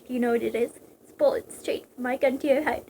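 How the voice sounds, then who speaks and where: Hardened male soldier, voiced by a woman, blunt, curt, high-pitched reading. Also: steady tone, fast talker, mellow, a little hiss or hum. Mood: defiant.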